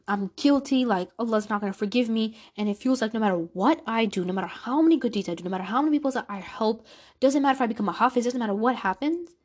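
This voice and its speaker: A woman hosting a podcast, telling a personal story in an earnest, confessional way and acting out the conversations she recalls. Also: fairly high pitch. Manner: earnest, confessional, reenacts dialogue. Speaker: podcast host.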